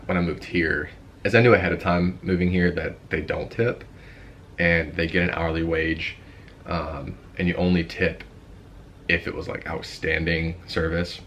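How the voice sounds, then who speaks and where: A young man with a very low voice talks casually through a reaction video. He rambles a little, leaning on fillers as he shares his own opinions. A faint hum sits underneath. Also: a bit bright. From United States. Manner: chatty, rambling, many fillers. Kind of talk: casual commentary.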